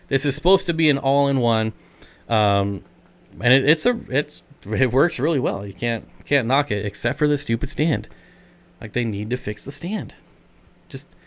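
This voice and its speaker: Smooth-voiced chatty male stream host. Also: medium pitch. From United States. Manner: chatty, rambling, reads and answers chat comments. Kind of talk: casual live stream Q&A.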